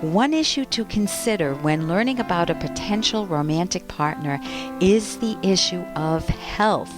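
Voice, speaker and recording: Low-voiced woman hosting relationship advice. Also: animated, unhurried, over music. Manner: chatty, personal storytelling with asides. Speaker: relationship advice podcast host. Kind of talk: conversational advice monologue and book reading.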